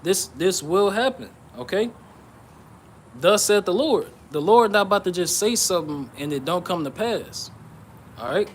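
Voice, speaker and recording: Man preaching bible prophecy, fairly high voice. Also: expressive, slight background noise. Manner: reads scripture aloud and explains it, checking with "okay?" and "all right?"; pauses with "uh" and restarts. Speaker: bible teacher. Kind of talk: informal sermon on prophecy.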